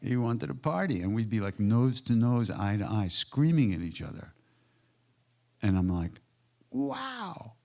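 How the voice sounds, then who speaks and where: An older man from the United States answering audience questions, telling reflective stories in an unhurried way with emphatic bursts. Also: fairly low pitch, expressive, gravelly. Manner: unhurried, warm-hearted anecdotes with emphatic bursts. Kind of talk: reflective storytelling.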